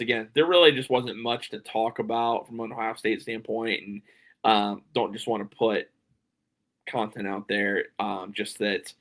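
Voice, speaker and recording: A man's voice: medium pitch, a bit bright. Sleepy man hosting a sports podcast. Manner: casual, opinionated, many ums and restarts. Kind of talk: solo sports preview talk.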